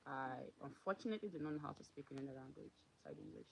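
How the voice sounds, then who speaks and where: A woman's voice: very deep voice, wildly swooping pitch, very fast, gravelly. A woman hosting her own live stream in casual chat, often thanking and greeting viewers as they join.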